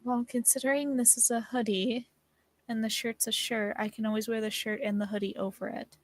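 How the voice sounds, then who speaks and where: A woman's voice: a little high, steady tone, brisk, no echo. A woman playing a tabletop game in character and narrating her actions, hesitant and stammering.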